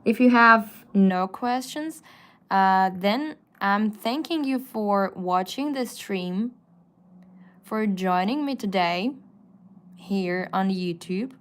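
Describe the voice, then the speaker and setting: Slow-paced woman teaching on a live stream. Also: medium pitch, smooth. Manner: slow, patient explaining with frequent fillers. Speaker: Russian language teacher. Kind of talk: live-stream language lesson. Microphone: phone.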